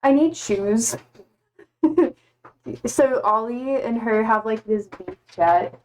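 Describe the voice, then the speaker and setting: Bubbly high-voiced young woman streamer. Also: animated, slow pace, darkish tone, rough recording. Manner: bubbly, gushing over her cats with baby talk. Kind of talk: casual live-stream chat.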